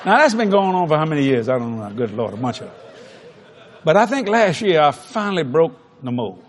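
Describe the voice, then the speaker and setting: Preacher guy cracking up while he tells a story to a big crowd, voice jumps high and all over the place, folksy. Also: fairly quick. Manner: animated, often laughing mid-sentence, folksy. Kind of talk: humorous sermon storytelling. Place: large auditorium before thousands.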